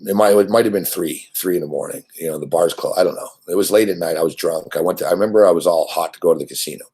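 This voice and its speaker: A deep, husky man from Montreal hosting a show. He tells a rambling, profane story and keeps circling back to repeat himself. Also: very fast, a little mellow. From Montreal, Canada. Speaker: host.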